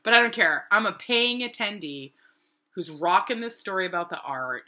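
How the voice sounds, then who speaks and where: An artist from New Hampshire, USA, tells her story in a casual way, bright and animated at a moderate pace. She acts out quoted voices with big jumps in pitch.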